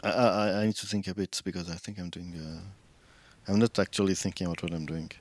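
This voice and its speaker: A man's voice: low-pitched, steady tone, a little fast, a little mellow. A man streaming a game, chatting casually with viewers and thinking aloud about his moves, often restarting his sentences. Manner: rambling, many restarts, chats with viewers while thinking aloud. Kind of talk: casual stream chat while playing.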